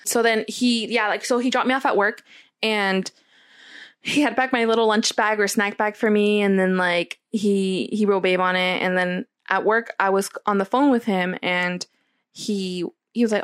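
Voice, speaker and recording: A woman's voice: medium pitch, fairly even intonation, normal speed, smooth. A young woman co-hosting a casual chat, telling a long story in a rambling way with many fillers and quoted lines. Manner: rambling, filler-heavy, quotes others a lot. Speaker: podcast co-host.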